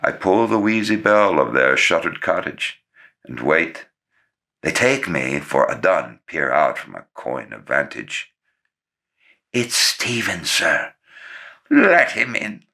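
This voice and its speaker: A man actor giving a slow, theatrical and expressive reading of literary prose. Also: very deep voice, gravelly.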